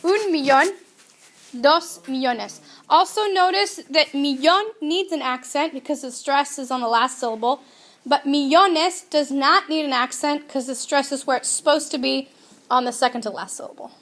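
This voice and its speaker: A woman teaching a grammar lesson, speaking clearly and deliberately and drilling her students to repeat words. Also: high-pitched, a bit bright. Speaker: Spanish teacher.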